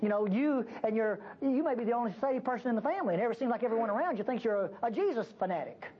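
A woman's voice: quick pace, a little hiss or hum. An older woman preaching a sermon in a church, emphatic, folksy and teasing. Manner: emphatic, folksy and teasing, with lively pitch swings. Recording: dull lo-fi recording.

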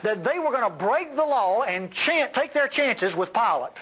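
A man preaching a sermon in a high, husky voice. He is emphatic, with sudden loud bursts and then quiet, low asides. The recording sounds dull and lo-fi. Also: lively intonation, moderate pace.

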